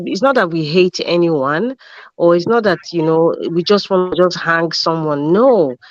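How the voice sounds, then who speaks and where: A woman's voice: on the low side, no room sound, muffled recording. A woman giving earnest political commentary as a panel guest, choosing her words carefully and repeating for emphasis. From Nigeria.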